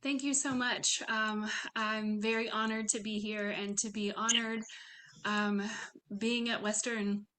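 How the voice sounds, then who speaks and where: A woman's voice: mid-range voice, level tone, a little slow, sharp tone, slight background noise. A woman graduate student giving an emotional, nervous acceptance speech full of ums. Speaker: graduate student award winner.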